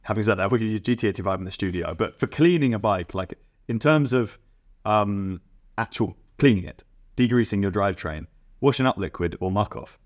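A young man co-hosting a podcast, chatting casually with quick asides and teasing questions. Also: lowish voice, expressive. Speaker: podcast co-host. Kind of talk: casual chat.

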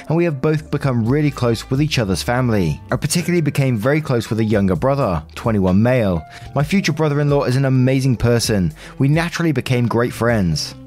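A man with an average-pitched voice reads posts and comments aloud at a steady pace. He drops in dry, opinionated remarks of his own between the readings. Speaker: story-reading channel host.

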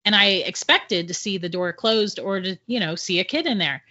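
A middle-aged woman, a podcast guest, telling a personal ghost story in an animated way and laughing often between sentences. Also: medium pitch, normal speed. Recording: dull lo-fi audio.

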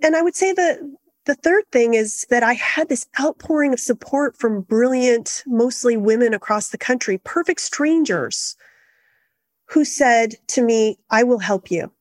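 A middle-aged woman, a guest in an interview, telling her story in an earnest, steady and reflective way. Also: on the high side, unhurried, no room sound. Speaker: guest, activist founder.

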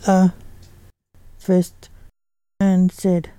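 A woman reading a story aloud at an even, unhurried pace. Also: lowish voice, dry recording.

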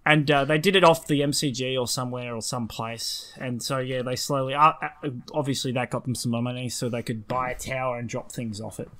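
A man's voice: medium pitch, a little fast, few pauses. A man with an Australian accent, co-hosting a casual podcast chat and acting out the voices in his stories. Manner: animated storyteller, acts out quoted voices. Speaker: podcast co-host.

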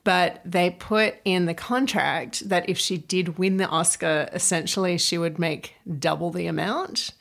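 A woman co-hosting a pop culture podcast, chatting casually, lively and quick to laugh and swear. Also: fairly low pitch, vocal fry. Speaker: podcast co-host.

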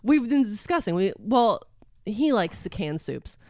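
A woman's voice: mid-range voice, big pitch swings, measured pace, darkish tone, no echo, studio quality. A woman co-hosting a podcast in playful casual chat, laughing often and tossing off sing-song greetings. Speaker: podcast co-host.

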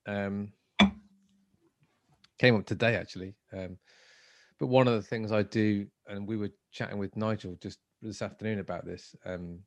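A man's voice: lowish voice, steady tone, normal speed, pauses often, dry recording. A man co-hosting a podcast from home, chatting casually and playfully with many restarts. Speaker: podcast co-host and agile trainer. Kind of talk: casual chat.

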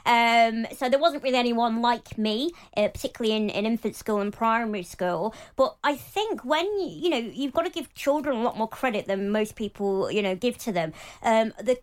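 A young woman talking openly as an interview guest, chatty and animated, with lots of fillers. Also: medium pitch. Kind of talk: casual interview talk.

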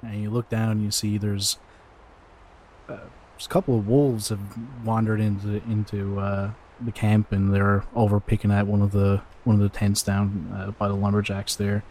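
A man's voice: on the low side, monotone, moderate pace, darkish tone, slight background noise. A man narrating a tabletop game as dungeon master, in a loose, casual way with many fillers.

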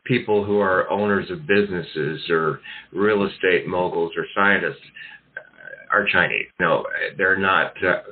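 A man hosting a talk radio show, rambling through opinions with many fillers and restarts. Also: deep voice. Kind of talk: casual talk radio commentary. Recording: tinny phone-like sound.

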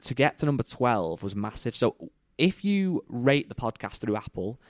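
A man's voice: mid-range voice, very animated, moderate pace, no room sound, studio quality. A man co-hosting a golf podcast, chatting casually and plugging the show. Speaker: podcast co-host. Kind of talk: casual chat.

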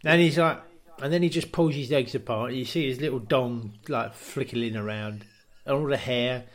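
A man's voice: medium pitch, moderate pace. A man co-hosting a comedy podcast, telling a rambling improvised story full of "I says" and "right?".

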